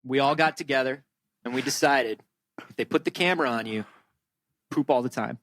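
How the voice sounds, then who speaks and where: A man's voice: mid-range voice, a little fast, fairly bright tone, no echo. A man from Florida co-hosting a comedy podcast, joking around and slipping into silly voices. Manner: jokey, breaks into silly character voices. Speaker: podcast co-host. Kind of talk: casual comedic chat.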